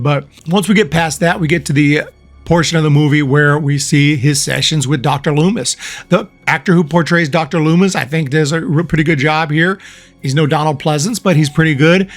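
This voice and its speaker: Chatty man reviewing a movie. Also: a little high. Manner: chatty, frank, many fillers and restarts. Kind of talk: casual spoken film review.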